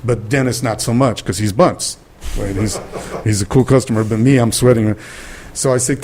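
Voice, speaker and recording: Older man telling animated showbiz stories. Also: medium pitch, moderate pace, a little hiss or hum. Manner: animated storyteller acting out quoted voices. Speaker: guest actor. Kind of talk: interview storytelling.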